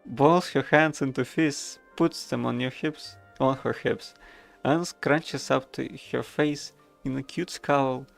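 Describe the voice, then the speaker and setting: A man's voice: mid-range voice, fairly even intonation, slow pace, gravelly, faint music behind. A man streaming a video game, reading the narration aloud with wry, casual asides.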